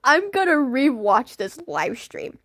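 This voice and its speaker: A woman's voice: sits high, big pitch swings, takes it slowly, fairly bright tone, no echo, clean studio sound. A young woman chatting on a livestream, laughing constantly in a giggly, silly way. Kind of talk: casual livestream chat.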